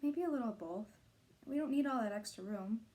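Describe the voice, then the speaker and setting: A woman reading aloud, voicing a caring and protective mother who speaks gently and firmly. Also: fairly high pitch, expressive, fairly quick, pitched above the performer's own voice, natural voice. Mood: reassuring. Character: caring protective adult mother, warm and firm.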